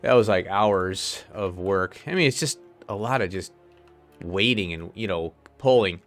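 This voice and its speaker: Low-voiced man rambling over gameplay. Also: measured pace, soft background music. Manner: rambling, chuckling, thinking aloud. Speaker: let's play host. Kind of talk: casual gameplay commentary.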